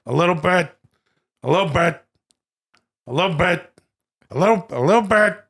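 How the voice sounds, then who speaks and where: A gruff older movie star mutters about his pal and repeats the same little phrase over and over, his voice gravelly and rough at the edges. The pitch rises and falls a great deal, as a comedian puts on the impression. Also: lively intonation, moderate pace, a bit bright, heavily acted. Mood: rambling.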